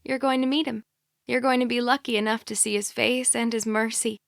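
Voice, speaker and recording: A woman playing a young woman lost inside a cult, devoted and soft-spoken, pleading and insisting. Her voice sits fairly high, with a dry, close sound. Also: fairly even intonation, a little fast, creaky, dry recording. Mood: sweetly devoted.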